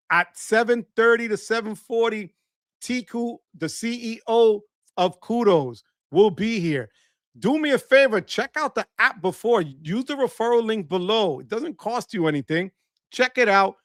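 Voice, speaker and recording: Laughing often, a livestream host from the Bronx, New York, reads the chat and greets viewers by name in a casual way. He's high-pitched and a bit bright, recorded cleanly in a studio with no echo.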